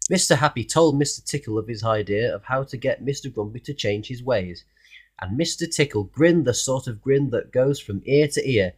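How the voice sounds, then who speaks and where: A man reading a children's storybook aloud in an expressive way, asking the listener questions along the way. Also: mid-range voice, moderate pace, breathy edge. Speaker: narrator reading a children's book.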